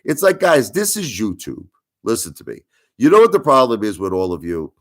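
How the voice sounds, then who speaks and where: A man's voice: medium pitch, huge pitch swings, brisk. A middle-aged man ranting indignantly and repeating himself as he pleads with viewers on his livestream. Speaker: livestream host.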